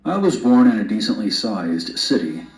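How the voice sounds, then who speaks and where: A man's voice: on the low side, sing-song, normal speed. A man narrating a first-person horror story in a blunt, wry way. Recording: roomy narration played back.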